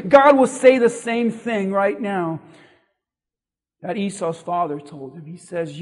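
Male pastor, high voice, emphatic and repetitive sermon delivery, recorded in a reverberant hall. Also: a little slow. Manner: animated, emphatic preaching with repetition.

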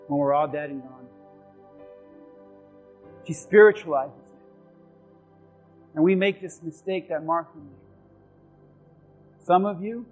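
A male pastor preaching a sermon in church, impassioned and shouting for emphasis. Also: fairly high pitch, slightly rough.

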